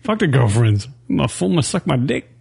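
A man co-hosting an internet radio show, ranting in loud, profane, crude banter. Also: on the high side, sing-song, normal speed, gravelly, slightly rough. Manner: loud, profane, riffing rants.

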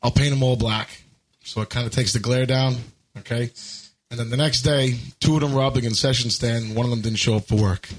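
A man of ordinary pitch telling a long joke on a radio talk show. His delivery is plain and even, like someone recounting a story to friends in the studio. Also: a little fast, rough recording. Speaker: show regular telling jokes.

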